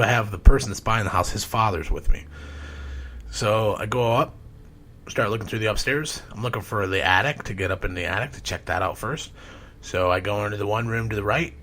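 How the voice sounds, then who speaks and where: A man who works as a home inspector tells a story in a casual, rambling podcast style, swearing often and clearing his throat. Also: lowish voice, sharp tone.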